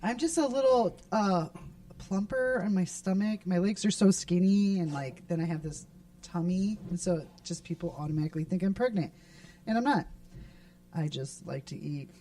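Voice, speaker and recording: A woman's voice: on the low side, normal speed, dark tone, distant mic. A woman co-hosting a casual podcast, telling funny personal stories and laughing often. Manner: chatty storyteller, laughs often. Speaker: podcast co-host. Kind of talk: casual chat.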